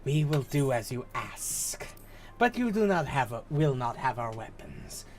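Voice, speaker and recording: A man's voice: medium pitch, big pitch swings, darkish tone, slight background noise. A man putting on a stern serpent-tribe envoy. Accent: put-on accent. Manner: slow, formal, measured delivery.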